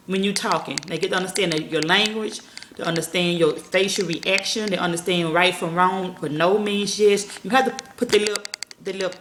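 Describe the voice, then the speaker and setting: A woman's voice: mid-range voice, a bit bright, a little hiss or hum. A woman vlogging at home, chatting casually and profanely to her viewers as y'all, rambling from one thought to the next. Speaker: parenting vlogger. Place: small room at home. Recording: echoey room.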